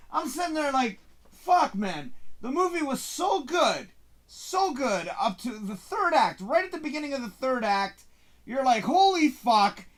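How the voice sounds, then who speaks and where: A man hosting a casual live-stream chat, talking through a movie he watched. His voice sits high for a man and swings widely in pitch. He is excitable and swears freely, acting out his own reactions as he goes. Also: a little slow. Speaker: host.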